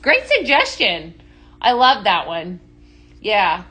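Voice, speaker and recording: A woman hosting a live shopping stream, chatting bubbly and warmly greeting viewers by name as she shows products. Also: medium pitch, wildly swooping pitch, slow pace. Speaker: live sales host.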